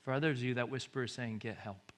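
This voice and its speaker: This pastor races through his sermon with fairly even intonation, booming scripture and then falling to soft, hushed pleas. He frequently repeats words to press a point.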